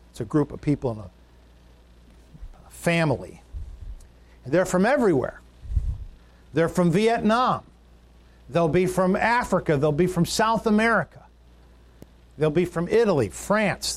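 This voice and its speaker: High-voiced preacher building repetitive lists. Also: male voice. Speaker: pastor. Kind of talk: sermon.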